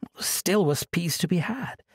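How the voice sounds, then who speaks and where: A man's voice: high voice, animated, a little slow, husky, no echo, clean studio sound, voice pushed up, full character voice. A man voicing a remorseful young male monk who speaks earnestly and in pain in an audiobook. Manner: earnest, pained, confessional. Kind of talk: audiobook character voice.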